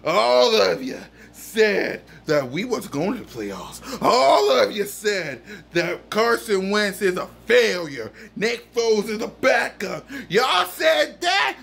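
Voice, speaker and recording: A man's voice: high-pitched, very animated, takes it slowly, creaky, few pauses, fairly bright tone, breathy edge. A man delivering a boisterous, trash-talking postgame rant as a sports fan, hollering and chanting the same lines over and over. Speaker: sports fan ranting after a game.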